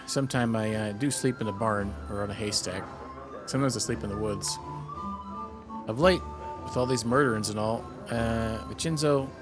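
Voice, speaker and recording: A rambling old village drunk with a folksy rustic way of talking, as a man reads him out from a game. His pitch sits in a middling register, and a faint bed of music runs behind him. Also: close to an everyday voice. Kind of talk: reading game dialogue aloud.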